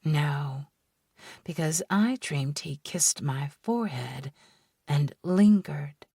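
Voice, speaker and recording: Slow, low-voiced woman narrating a romance. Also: animated, gravelly, a little mellow, slightly rough, no room sound, clean studio sound. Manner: measured, unhurried storytelling. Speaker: audiobook narrator. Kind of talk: first-person romance narration.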